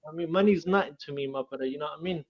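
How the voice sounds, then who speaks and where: A man's voice: fairly high pitch, rapid-fire. A man chatting casually on a livestream, boastful and rambling with lots of slang fillers. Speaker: livestream host. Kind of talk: casual chat. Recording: muffled lo-fi audio.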